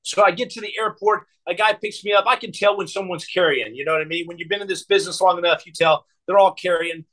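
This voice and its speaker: High, bright-voiced man telling war stories. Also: fast, few pauses, low-quality recording. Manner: rambling, repeats words, frequent fillers. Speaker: guest. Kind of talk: storytelling in a podcast interview.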